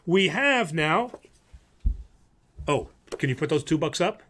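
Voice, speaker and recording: A priest with a fairly high voice explains things on a livestream in a loose, rambling way. He fills pauses with ums, restarts his sentences and laughs easily. He keeps a casual, teaching tone. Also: fairly bright tone. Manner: chatty, laughs easily, many fillers and restarts.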